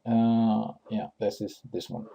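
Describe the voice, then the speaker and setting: Slow, gravelly-voiced man explaining software. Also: lowish voice, steady tone. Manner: unscripted, many fillers and restarts, thinking aloud. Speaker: tutorial host. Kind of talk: screen-recorded software tutorial.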